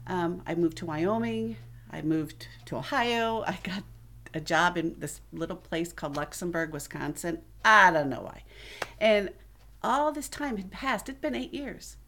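A middle-aged woman shares her personal testimony at a church service, speaking in an earnest, conversational way. Her voice sits a little on the lower side for a woman. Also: a little slow, a bit bright, slight background noise. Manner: earnest, conversational storytelling that acts out quoted voices. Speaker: church member giving a testimony. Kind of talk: personal testimony told to a congregation.

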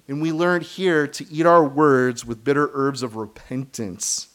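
A middle-aged man preaching a sermon, earnest and emphatic, breaking into short laughs and quick asides. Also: medium pitch. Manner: acts out quoted voices of kids and believers. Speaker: pastor.

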